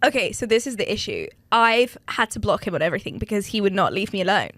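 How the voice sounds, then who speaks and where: A woman's voice: medium pitch, fast, no room sound. A woman co-hosting a casual podcast, telling a story with lots of laughter and acted-out quotes. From Brazil. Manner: animated storyteller, acts out quotes, laughs often. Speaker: podcast co-host. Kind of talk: casual chat.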